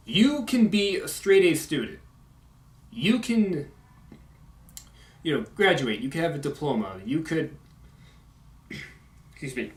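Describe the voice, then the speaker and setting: A young man giving a casual video update, halting with many fillers and sharp S sounds. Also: a little high. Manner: strong S sounds. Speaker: YouTube video maker. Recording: echoey room.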